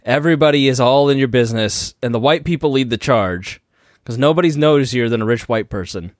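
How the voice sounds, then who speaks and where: A man's voice: medium pitch, a little fast, no room sound, clean studio sound. Man with wry, joking commentary. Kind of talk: casual comedic chat.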